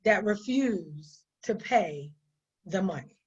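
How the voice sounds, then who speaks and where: A woman's voice: mid-range voice, expressive, slow pace, darkish tone, breathy edge. A woman business owner giving conversational business advice in an emphatic way, often repeating her points for stress. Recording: dull lo-fi sound.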